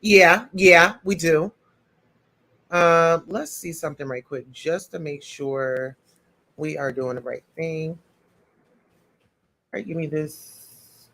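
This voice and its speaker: A man hosting a casual live stream, reading the chat and talking straight to his viewers in a loud, sassy way, eating and sipping as he goes. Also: on the high side, slow pace, vocal fry, pauses often. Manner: eats and sips while talking. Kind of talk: casual livestream commentary.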